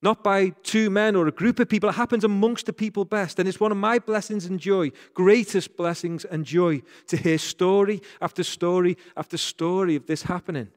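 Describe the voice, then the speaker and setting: Earnest English pastor preaching in hall. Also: male voice, high voice, steady tone, moderate pace, few pauses. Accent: Northern English. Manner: earnest, repeats phrases for emphasis. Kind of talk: sermon.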